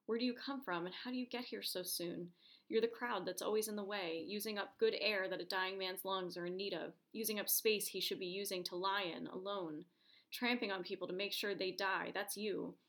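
An injured man, bitter and pleading, accuses the onlookers in a gravelly voice, as a woman reads his lines in a story. The delivery is steady, like a spoken inner monologue. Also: mid-range voice, a little fast, lightly acted. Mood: accusing.

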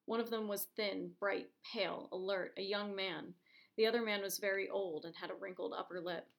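A woman reads a story aloud in a gravelly, creaky voice. Her delivery is steady and measured, a calm storytelling tone at a middling pitch. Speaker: narrator. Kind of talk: reading a short story aloud.

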